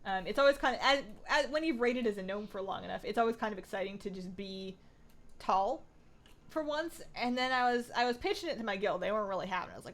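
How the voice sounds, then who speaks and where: A woman's voice: mid-range voice, fast talker. A woman hosting a casual gaming livestream, thinking aloud, answering viewer chat and laughing often. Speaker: livestream host playing an online game.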